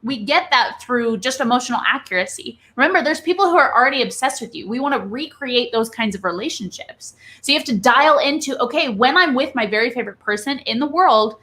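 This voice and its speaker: A bright, forceful woman speaking as an interview guest and coach. She talks in a lively, teaching way and keeps checking in with the listener. Her voice sits a little high. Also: fairly quick, few pauses. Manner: animated, coaching, frequent "right?" tag questions. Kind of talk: conversational interview.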